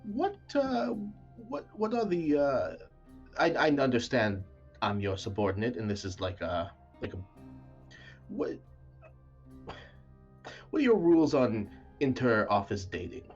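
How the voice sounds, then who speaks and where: A man voicing an awkward, bookish young female wizard helper who speaks in halting, flustered restarts. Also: a bass voice, sing-song, darkish tone, dull audio, soft background music, pitched above the performer's own voice, full character voice.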